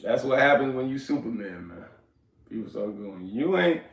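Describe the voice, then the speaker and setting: A man's voice: mid-range voice, animated, moderate pace, reverberant, far from the mic. A middle-aged man hosting a casual livestream, rambling and streetwise as he talks to his chat. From New York. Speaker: livestream host.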